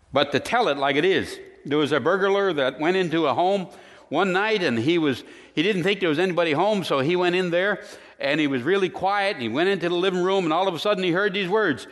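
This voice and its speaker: A man's voice: a little high, fairly bright tone, long reverb tail. A man, a pastor, preaching a sermon in a folksy way and telling jokes as he goes.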